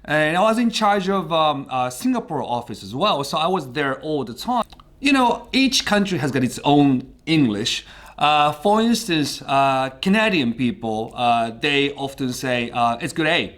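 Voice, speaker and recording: Japanese man, vlog host teaching a phrase; slightly high voice, very expressive pitch, halting delivery. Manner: halting, pauses often mid-sentence. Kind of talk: casual vlog lesson.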